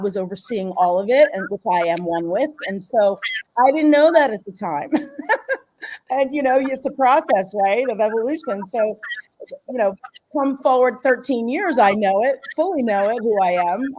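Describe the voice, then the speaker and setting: A woman's voice: mid-range voice, a little mellow. A middle-aged woman, a guest author and healer, tells a personal story in a casual interview, rambling, restarting her phrases and laughing often.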